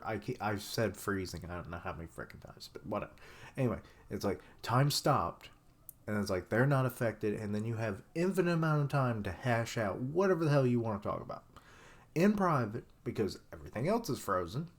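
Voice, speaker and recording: A man giving casual, rambling live reaction commentary, with many fillers and some swearing. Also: fairly low pitch. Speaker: webcomic reaction streamer.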